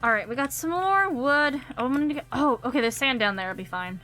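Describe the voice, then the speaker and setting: A woman's voice: high voice, lively intonation, brisk, bright, forceful tone, faint music behind. A young woman streaming a game, chatting casually and giggling as she thinks aloud. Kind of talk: casual gameplay commentary.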